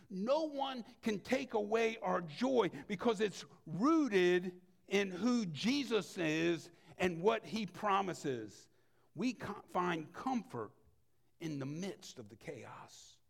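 High gravelly-voiced male pastor preaching. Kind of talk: sermon.

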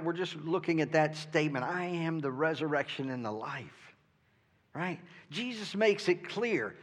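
A man's voice: a little high, a bit bright. A male pastor preaching a sermon in an earnest way, often asking "right?" and stumbling over the starts of his sentences. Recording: long reverb from a hall.

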